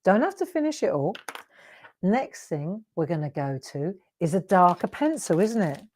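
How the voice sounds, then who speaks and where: A woman's voice: lowish voice, sing-song, moderate pace, a little mellow, a little hiss or hum. A middle-aged woman hosting a live craft demonstration, talking viewers through her coloring in a chatty, coaxing way. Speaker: craft show host.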